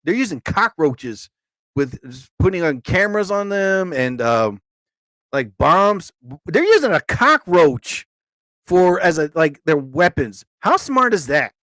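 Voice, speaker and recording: A man's voice: high voice, very animated, measured pace, fairly bright tone, no room sound. A man hosting a casual live stream, rambling and joking as he talks to his viewers.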